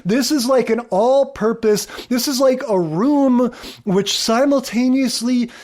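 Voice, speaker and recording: Animated podcast co-host recapping episodes. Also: mid-range voice, a little slow. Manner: animated, acts out quoted characters. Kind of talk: casual chat.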